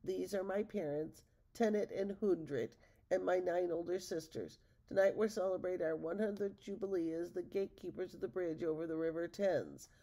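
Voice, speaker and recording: A woman reading the lines of a kind, eager young ogre girl from a storybook, in a gravelly voice. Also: on the low side, moderate pace, mellow.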